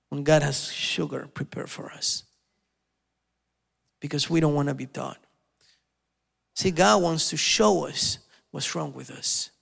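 A male preacher giving an animated sermon, telling stories and acting out the quotes. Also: a little high, gravelly, husky. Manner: animated, storytelling, with acted-out quotes.

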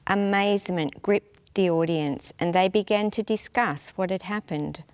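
A woman reading scripture aloud in a steady, measured way in a church. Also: mid-range voice. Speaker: scripture reader. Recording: reverberant church hall.

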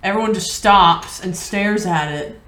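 A woman's voice: mid-range voice, a little slow, sharp tone. A woman guest on a podcast, telling a work story casually with amusement. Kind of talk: casual chat. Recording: echoey room.

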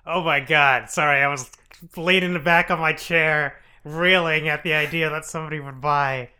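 Brief: young male podcast co-host, bright, edgy tone, quick to laugh and react in disbelief. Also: fairly high pitch. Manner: animated and incredulous, with lots of giggling reactions. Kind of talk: casual chat.

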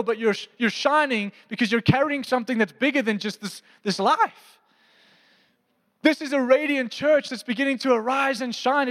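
This preacher's voice is extremely high-pitched with a fairly bright tone. He gives a pastoral sermon to a congregation in a church auditorium, talking conversationally and often asking questions, with long hall reverb on the recording.

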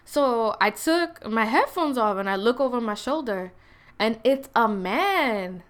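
A woman's voice: fairly high pitch, animated, measured pace. Slangy woman telling a story. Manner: slangy, blunt, many fillers and restarts. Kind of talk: casual storytime monologue.

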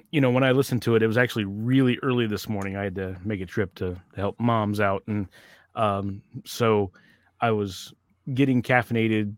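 A man's voice: fairly low pitch, normal speed, no echo. A man co-hosting an album review, thinking aloud in a loose, rambling way with lots of fillers. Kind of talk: casual chat.

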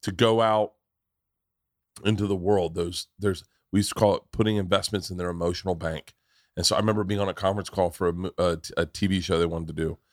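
Profane, animated middle-aged man. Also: sits low, quick pace, dry recording, clean studio sound. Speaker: podcast host. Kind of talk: casual chat.

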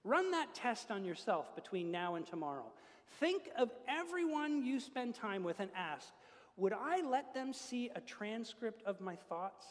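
A man's voice: high voice, very animated, a little slow. A man preaching a sermon as pastor, earnest and building to emphatic peaks. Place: church. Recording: long reverb of a church hall.

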